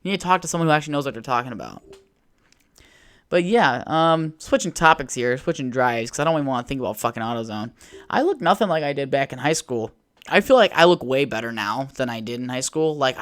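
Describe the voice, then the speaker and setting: A man's voice: mid-range voice, lively intonation, brisk, a bit bright. A young man hosting a solo podcast from home, telling a rambling, swear-heavy story in a casual chat. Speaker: podcast host. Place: at home by a window.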